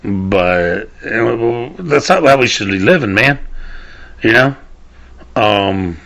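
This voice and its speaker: Speaking slowly and expressively, a podcast host from the American South rambles through a solo rant, cursing and repeatedly trailing off only to begin again. His lowish voice is gravelly with a slightly bright edge.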